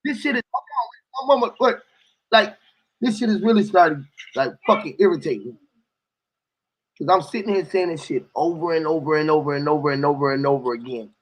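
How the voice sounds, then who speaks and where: Husky high-voiced man rambling wordplay. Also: brisk, poor audio. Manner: profane, wordplay-heavy, rambling. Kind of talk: casual rambling chat.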